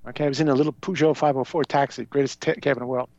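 A man's voice: medium pitch, racing, no echo. A man talking as a show guest, telling rambling stories that jump from one tangent to the next. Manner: animated, tangential, conspiratorial storyteller. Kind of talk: rambling conversational storytelling. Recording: dull lo-fi sound.

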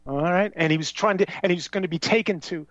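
As a show guest, this man spins rambling tales in an animated, conspiratorial style, hopping from tangent to tangent. He talks fast in a high voice. There's no echo, and the recording has a dull lo-fi sound.

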